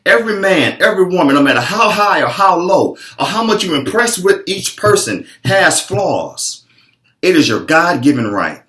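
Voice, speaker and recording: A man's voice: high voice, sing-song, normal speed, a bit bright. A man giving a motivational fitness talk as a trainer, emphatic and preachy. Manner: emphatic, preachy, acts out clients' voices. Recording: echoey room.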